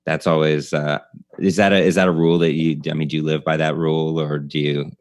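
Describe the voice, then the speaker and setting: This is a man hosting a casual podcast, his voice sitting very low. He rambles, restarts his sentences and laughs between thoughts. The sound is dry and close. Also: flat delivery, brisk, dry recording. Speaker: podcast host. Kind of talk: casual chat about comedy.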